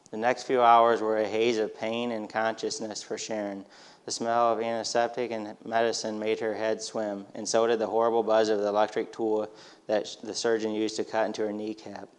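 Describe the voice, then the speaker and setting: Low, flat-voiced man reading a story. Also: clear, resonant tone.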